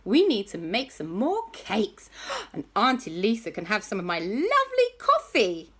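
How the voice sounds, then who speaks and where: A woman's voice: a little slow, heavily acted. A woman voicing a sweet, gushing female ghost expert who drawls her words in a toy story. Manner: drawling, effusive, high and breathy excitement.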